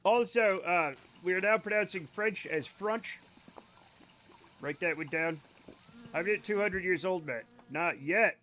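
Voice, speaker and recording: A man's voice: sits high, a little slow, bright, forceful tone, a little hiss or hum. A man live-streaming a game, rambling and joking with his chat in a profane, casual way.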